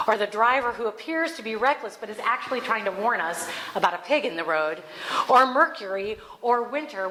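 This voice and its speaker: A woman host giving a spiritual reflection talk, telling stories in an animated way with laughter. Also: mid-range voice. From Alaska. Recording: echoey room, faint background noise.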